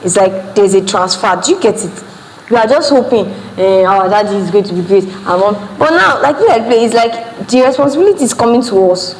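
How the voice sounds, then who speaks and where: A woman's voice: a little high, expressive, brisk, darkish tone. Young Nigerian woman, motivational youth speaker, emphatic and repetitive, heard in a reverberant hall with faint room hum. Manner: emphatic, repeats words, asks the audience questions. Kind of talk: motivational teaching to a live group.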